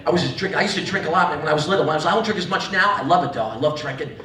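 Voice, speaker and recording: Male stand-up comic, bright, heard a bit off-mic in a roomy venue. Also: fairly high pitch, very fast, far from the mic. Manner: rowdy, acts out voices, audience laughs throughout. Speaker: stand-up comedian. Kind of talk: live stand-up comedy.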